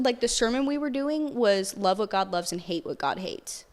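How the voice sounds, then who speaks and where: A young woman telling a personal story in casual podcast conversation, animated and peppered with "like". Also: a little high, normal speed, hardly any pauses. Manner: animated storytelling, heavy use of "like".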